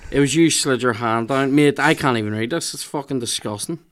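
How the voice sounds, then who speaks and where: A man on a podcast with a smooth, resonant voice, talking loosely and stopping often to search for a name. He reads passages aloud and cracks up laughing. His tone sits in a middle register. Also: mid-range voice, fairly bright tone. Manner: halting, hunting for names, reads aloud and breaks into laughter. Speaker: podcast co-host. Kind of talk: casual podcast chat.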